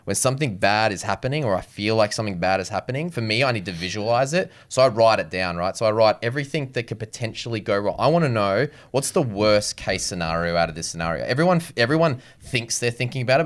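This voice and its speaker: A young man with a fairly low voice speaking quickly as an interview guest. He sounds earnest and reflective, and he circles back to repeat key phrases. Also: lively intonation. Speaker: business founder guest. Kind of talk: casual interview chat.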